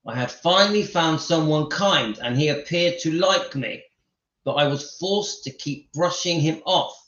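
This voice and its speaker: A man reads a story aloud on a live stream and talks chattily to his viewers between passages. His voice sits fairly high. The room echoes, and the sound is dull. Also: measured pace, a bit bright. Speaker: channel host reading a book aloud.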